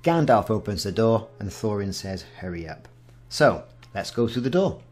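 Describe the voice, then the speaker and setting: A man's voice: lowish voice, very animated, normal speed, darkish tone, slight background noise. A man in his forties hosting a casual game walkthrough, reading the game's text aloud with wry asides. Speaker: gaming channel host.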